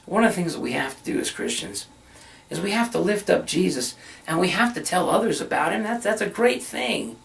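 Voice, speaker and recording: A man's voice: sits high, expressive, a little fast, creaky, a bit bright, recorded from a distance. A middle-aged man, a minister, telling a personal story in earnest, conversational sermon style.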